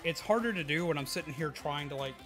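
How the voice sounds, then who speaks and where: A man's voice: on the high side, lively intonation, fast, over music. A man casually chatting on a live stream, answering viewers and laughing easily.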